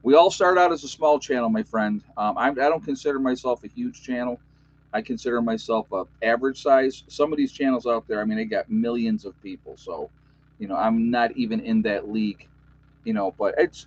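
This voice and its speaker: A man in his fifties with a thick New York accent chats through a casual livestream, rambling and joking with plenty of filler words. He sounds overtired, and his voice sits at an ordinary middle pitch. The audio is a little muffled and lo-fi. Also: a little fast, a little mellow. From United States. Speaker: YouTube channel host.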